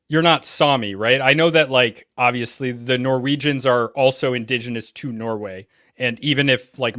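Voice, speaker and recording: A man's voice: mid-range voice, a bit bright, no echo, clean studio sound. A man hosting a reaction video, talking casually and rambling with lots of "like" and fillers. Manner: rambling, heavy use of "like" and fillers. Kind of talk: casual commentary.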